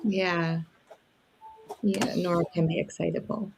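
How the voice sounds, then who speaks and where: A woman's voice: fairly low pitch, little pitch movement, a little slow, creaky, darkish tone, slight background noise. A woman chatting on a video call, playful and teasing, cooing over her pet. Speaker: regular guest in the chat. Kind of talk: casual chat.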